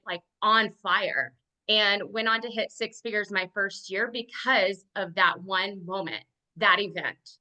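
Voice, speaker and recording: A woman's voice: medium pitch, sharp tone, low-quality recording. A woman and team leader giving an earnest motivational testimonial on a video call, with a lot of "like" in her speech.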